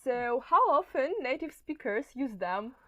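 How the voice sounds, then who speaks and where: A woman, a student interviewer whose first language is not English, asking halting questions and laughing often. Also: high-pitched, animated, crowd noise.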